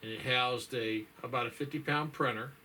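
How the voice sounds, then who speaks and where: A man's voice: medium pitch, fairly even intonation, moderate pace, sharp tone, a little hiss or hum. A man chatting casually to his viewers in a folksy, rambling way, tired and yawning, with lots of fillers and sighs. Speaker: vlogger. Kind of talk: casual chat.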